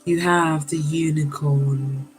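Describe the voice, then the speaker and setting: Soft music plays under a low-quality recording of a tarot reader with a low-pitched, slightly mellow voice, speaking slowly with fairly even intonation. During her live reading she exclaims, curses, apologizes, and warmly calls her listeners darlings.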